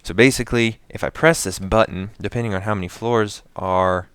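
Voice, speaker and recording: A man's voice: fairly low pitch, steady tone, fairly quick, a bit bright, clear, resonant tone, dry recording. A man giving casual gameplay commentary while he builds, talking to himself, counting items aloud and explaining each step to his viewers.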